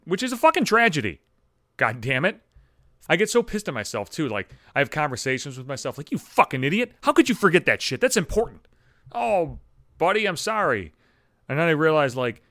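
In his exasperated, profanity-laden comedic rant, a young monologue host speaks in a mid-range, fairly bright voice. He's recorded at home on a studio microphone, with no echo and a clean studio sound.

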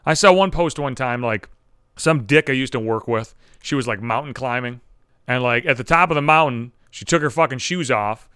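A man's voice: medium pitch, normal speed, a bit bright, clear, resonant tone, no room sound, studio quality. A man hosting a podcast, delivering a sarcastic, heavily profane comedic rant. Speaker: podcast host.

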